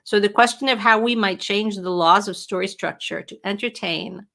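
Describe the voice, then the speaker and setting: Bright, chatty woman writing coach. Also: mid-range voice, normal speed, creaky. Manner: chatty, animated, answers viewer questions. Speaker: writing coach hosting a livestream. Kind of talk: casual livestream talk to viewers. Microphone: webcam or computer mic at home.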